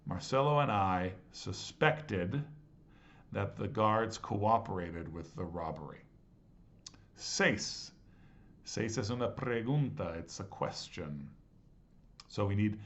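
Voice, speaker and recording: A man teaching a language class, patiently walking through exercises and slowly sounding out words syllable by syllable. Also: lowish voice, expressive, a bit bright. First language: English. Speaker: Spanish teacher. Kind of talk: explaining grammar exercises. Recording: slightly dull lo-fi audio.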